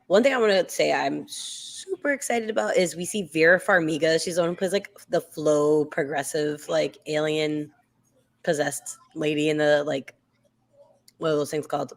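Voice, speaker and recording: A woman's voice: low-pitched, moderate pace, gravelly. A woman co-hosting a casual live after-show chat, talking loosely with lots of fillers and restarts. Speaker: co-host.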